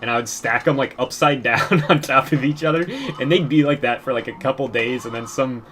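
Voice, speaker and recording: A man's voice: mid-range voice, a little fast, fairly bright tone, a little hiss or hum. A young man giving casual gameplay commentary, telling rambling stories in a crude, profane way and often laughing.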